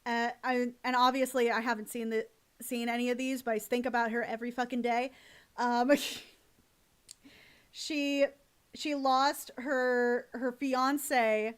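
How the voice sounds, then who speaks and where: Young woman streamer, high bright voice, rambling and gushing, swears freely. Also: fairly even intonation, unhurried, clear, resonant tone. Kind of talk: casual live-stream chat.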